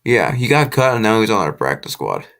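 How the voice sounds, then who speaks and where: Sleepy and yawning, a young man hosts a late-night livestream chat, talking casually and rambling with restarts and opinionated asides. His voice is on the low side and a bit bright, with big pitch swings, vocal fry, and a brisk pace.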